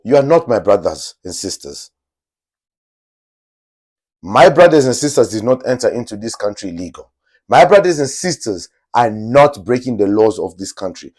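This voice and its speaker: A man's voice: medium pitch, a little mellow. A man from Angola hosting his own podcast, giving an emphatic, opinionated monologue straight to his viewers, repeating phrases for effect. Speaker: podcast host.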